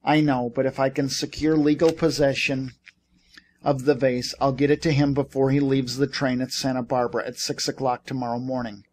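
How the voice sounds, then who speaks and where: Guy reading a stubborn one-armed vet who keeps pleading and pushing, middle pitch. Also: little pitch movement, moderate pace, a little mellow, natural voice. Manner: pleading and insistent. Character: stubborn one-armed male war veteran.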